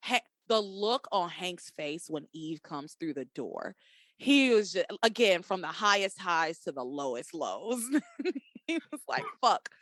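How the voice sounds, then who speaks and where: Animated, profane woman podcast host. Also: fairly low pitch, a little slow, dry recording. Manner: animated, profane, laughs often, acts out characters' lines. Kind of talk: casual chat recapping a soap opera.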